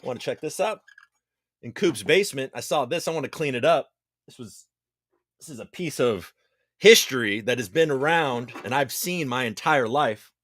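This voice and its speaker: A man hosting a casual livestream, reading out viewer comments and chatting loosely with shout-outs. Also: mid-range voice, animated, moderate pace. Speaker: livestream host. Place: home basement.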